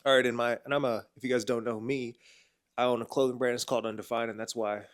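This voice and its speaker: A young man in his mid-twenties talks straight to the camera with a stuffed-up, nasal voice. His delivery is casual and slangy, sprinkled with bro and man, and it swings between loud pushes and quiet asides. His pitch sits in an ordinary middle range for a man. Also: flat delivery, fast talker. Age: 20s. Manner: slangy and emphatic, often saying bro and man. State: congested, nasal voice. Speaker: clothing brand owner and entrepreneur. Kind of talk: casual motivational talk to camera.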